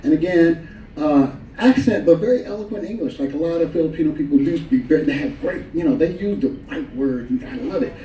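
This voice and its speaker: A man performing a stand-up comedy set on a club stage, telling stories animatedly and jumping into high voices for the people he quotes. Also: brisk, warm tone, recorded from a distance, slight background noise. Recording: roomy live club recording, crowd laughter.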